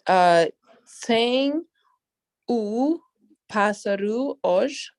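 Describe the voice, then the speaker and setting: Slow, tentative woman language student. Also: on the high side, lively intonation, darkish tone. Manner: hesitant, tentative, repeats after correction.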